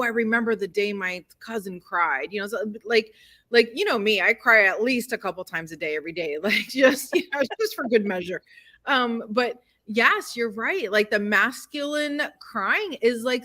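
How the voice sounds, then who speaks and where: A middle-aged mother co-hosting a talk show, chatting warmly and effusively and laughing often. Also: a little high. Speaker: podcast co-host. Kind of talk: casual chat.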